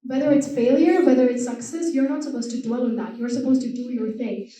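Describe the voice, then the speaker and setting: A woman's voice: high-pitched, brisk. A young woman from India with an American accent, giving an emphatic motivational speech to students. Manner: animated, emphatic and repetitive, switches accents on demand. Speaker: guest motivational speaker. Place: university hall. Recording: echoey hall from far off.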